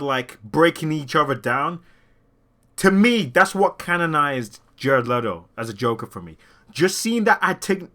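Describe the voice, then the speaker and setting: A young man rambling excitedly about a movie in an unscripted rant, swearing a lot, his throat sore from talking. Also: fairly high pitch. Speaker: movie vlogger.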